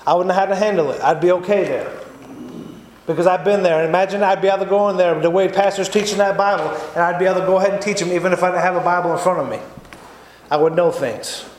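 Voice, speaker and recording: A man giving an earnest, repetitive testimony sermon in a church. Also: high voice. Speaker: lay preacher giving testimony. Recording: echoey church room, faint noise.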